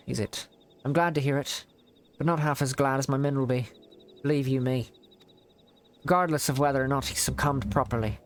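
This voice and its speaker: A man voicing a hearty, gruff male naval commander in a game, with a wavering put-on accent. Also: medium pitch, slight background noise, natural voice.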